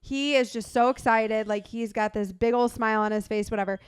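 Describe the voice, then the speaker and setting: A young woman co-hosting a casual chat, telling stories in an animated way and laughing often. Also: on the high side, a little fast, clear, resonant tone, no room sound, clean studio sound. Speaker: podcast co-host.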